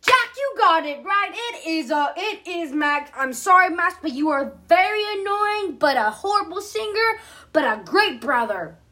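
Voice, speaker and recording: A woman's voice: very high-pitched, expressive, a little slow, sharp tone, slight background noise, voice pushed up, heavily acted. Woman doing a bossy superhero girl. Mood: teasing.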